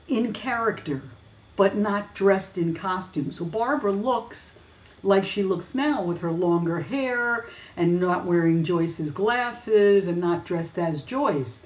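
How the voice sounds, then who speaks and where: A woman's voice: medium pitch, takes it slowly. Chatty woman host in a roomy space. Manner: chatty, many fillers and restarts. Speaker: host of a weekly fan news videocast. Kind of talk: casual news chat. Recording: roomy echo.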